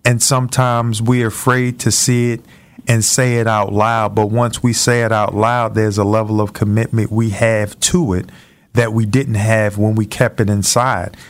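Man co-host, gentle and reflective, earnest in tone. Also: on the low side, level tone, moderate pace, clean tone. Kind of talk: casual talk show chat.

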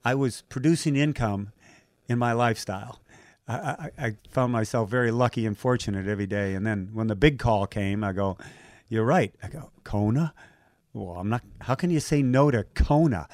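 A man's voice: mid-range voice, moderate pace, no echo. An older man from Southern California talks through his stories in a loose, chatty way. He slips into quoted voices and laughs easily. The sound is dry and close, with no room in it. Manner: animated anecdotes, acts out quoted voices, laughs often. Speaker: guest, race announcer. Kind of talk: casual interview storytelling.

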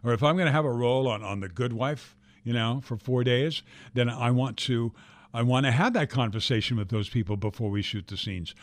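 A man's voice: medium pitch, animated, normal speed, no echo. An older man, a guest actor, telling stories in a casual interview, talking animatedly, repeating words and swearing freely.

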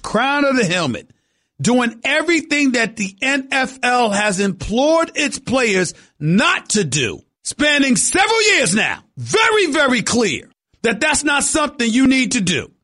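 A man's voice: sits high, pushed and bright. A man hosting a sports talk radio show, emphatic and repeating points for stress.

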